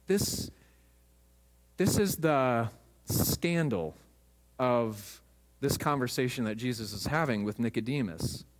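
A man's voice: medium pitch, expressive, slow pace, pauses often, long reverb tail. A man, a pastor, preaching a sermon with emphatic storytelling in a church.

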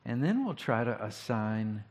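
A pastor giving a sermon, talking in a conversational, reflective way with rhetorical questions. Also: male voice, lowish voice, very animated, a little slow, a little mellow. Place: church sanctuary. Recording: long hall reverb.

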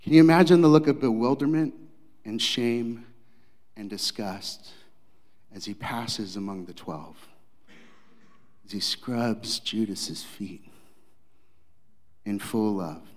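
Man, pastor, sermon, dramatic, loud to hushed, echoey hall. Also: lowish voice, slow pace, long pauses. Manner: dramatic, acts out Bible scenes, swings loud to hushed.

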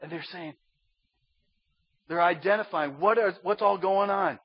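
A man preaching a sermon as a pastor, dropping to a hush and rising to loud pleading. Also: high voice, a little slow, slightly rough, no echo, highs cut off. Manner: swings from hushed to loud pleading.

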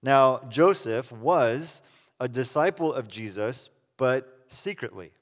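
A man preaching a sermon, retelling scripture in a casual, animated way with quick asides. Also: mid-range voice, big-room sound. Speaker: pastor.

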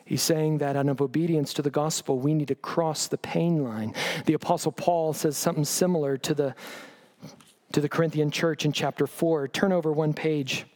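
A man's voice: on the high side, steady tone, normal speed, darkish tone. A man preaching a sermon, reading scripture aloud with pointed sarcastic emphasis and pressing the listeners with rhetorical questions. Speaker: pastor.

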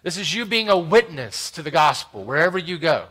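A pastor with a high-pitched voice walks through a scripture passage. He rises to loud emphasis and drops to quiet asides, often checking in with "right?". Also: very animated, a little fast, low-quality recording. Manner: expository preaching with frequent "right?" asides. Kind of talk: sermon.

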